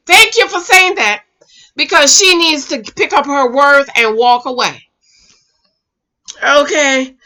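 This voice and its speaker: High bright-voiced woman recapping a show. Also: slow, long pauses. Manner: emphatic, sassy, quotes people dramatically. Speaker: TV show reviewer. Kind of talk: casual recap commentary.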